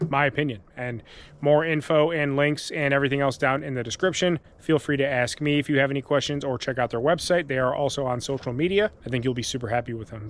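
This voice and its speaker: Rambling man vlogging outdoors. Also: medium pitch. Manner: rambling, frequent fillers, grows hushed and frightened. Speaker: vlogger camping in his truck. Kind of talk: casual vlog talk to camera. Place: outdoors in wooded lot, later inside truck.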